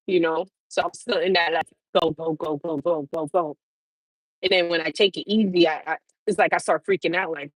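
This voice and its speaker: A woman's voice: lowish voice, fairly even intonation, normal speed, no echo, rough recording. Profane laid-back woman chatting on stream. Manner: loose, profane, laughing, talks back to chat. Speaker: trucker livestream host. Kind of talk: casual livestream chat.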